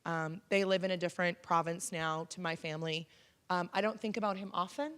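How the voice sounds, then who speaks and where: A woman's voice: lowish voice, steady tone, a little fast, a bit bright, clear, resonant tone. A woman in her thirties, from Canada, speaking frankly and conversationally to an audience as a keynote speaker, with frequent ums. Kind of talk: personal story talk to an audience. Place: college auditorium.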